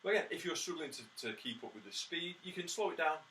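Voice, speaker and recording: A man with a slightly high, pushed, bright voice speaks expressively at a quick pace, recorded on a somewhat distant mic with faint background noise. He's a brass teacher giving a tutorial, offering practical, encouraging practice tips full of "uh" and "um," counting beats and sounding out rhythms with spoken "ta" syllables.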